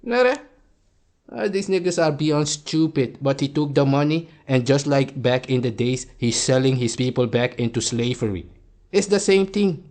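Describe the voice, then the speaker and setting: A man's voice: mid-range voice, moderate pace, a little mellow. A man from Suriname, delivering a heated, insulting reaction rant. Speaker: commentator.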